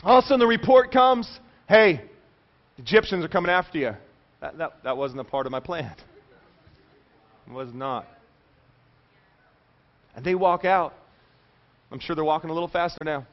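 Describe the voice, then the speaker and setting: A man preaching a sermon as pastor, animated, telling stories and acting out quoted voices. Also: a little high, normal speed, pauses often, muffled recording.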